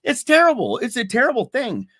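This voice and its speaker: A man's voice: extremely high pitch, huge pitch swings, fairly quick, bright, forceful tone, no room sound, clean studio sound. A man co-hosting a casual podcast, talking earnestly and animatedly, often laughing and repeating himself. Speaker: podcast co-host.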